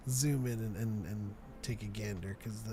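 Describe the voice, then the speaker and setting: A man co-hosting a live show in casual chat, jokey and quick to laugh, trailing off and restarting. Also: on the low side, warm tone, a little hiss or hum. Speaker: podcast co-host.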